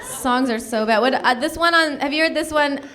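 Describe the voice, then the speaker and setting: Brash high-voiced woman doing stand-up. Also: normal speed, some chatter behind. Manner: brash, mimics songs and people in silly voices. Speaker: stand-up comedian. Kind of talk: stand-up comedy set. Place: comedy club stage with a live audience. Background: loud audience laughter.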